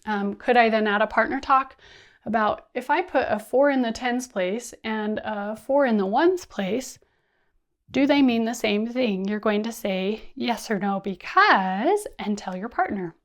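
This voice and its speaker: A woman's voice: fairly high pitch, expressive, a little slow. A woman presenting an instructional video for teachers, modeling call-and-response counting and hand actions the way she would with students. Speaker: teacher trainer.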